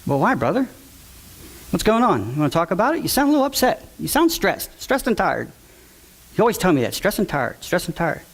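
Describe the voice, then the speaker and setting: Brief: a sly, persuasive man, soothing and falsely concerned, pitched up high, as a speaker mimics him. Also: big pitch swings, brisk, exaggerated voice, rough recording. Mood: coaxing. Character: smooth-talking manipulative man, coaxing and falsely caring.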